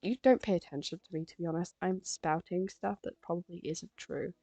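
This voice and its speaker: A woman's voice: on the low side, steady tone, fairly quick, dark tone, no echo. A teenage girl from England, rambling casually on a live stream while she draws, full of fillers. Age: teens. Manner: rambling, chatty, frequent fillers. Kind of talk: casual chat while drawing.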